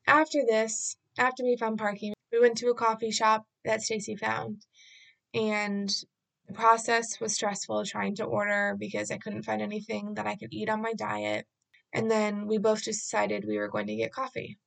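A woman's voice: mid-range voice, moderate pace, gravelly, fairly bright tone. A woman vlogger casually retelling an anxious day in a rambling way, acting out bits of dialogue. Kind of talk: casual storytelling vlog.

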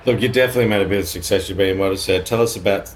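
Deep voiced host guy talking fast, nudging the guest to brag, faint hiss. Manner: pushy and friendly, urges guest to brag. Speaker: podcast host. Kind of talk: casual interview.

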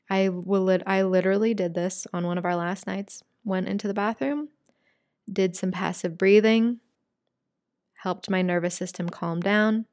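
Soft-spoken woman guiding breathwork. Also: medium pitch, dry recording, studio quality. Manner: calm, soft-spoken, casual and candid. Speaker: breathwork and yoga teacher. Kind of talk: guided breathwork lesson.

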